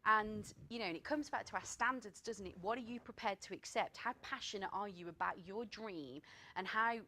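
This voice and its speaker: Woman, host, casual talk, storytelling, mid-pitched voice. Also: normal speed. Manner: storytelling, animated when excited. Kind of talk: casual chat.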